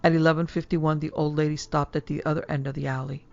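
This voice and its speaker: Woman reading spooky tales, low and measured, dull dry sound. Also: flat delivery, gravelly, no room sound, soft background music. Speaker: narrator and producer. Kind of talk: horror story narration.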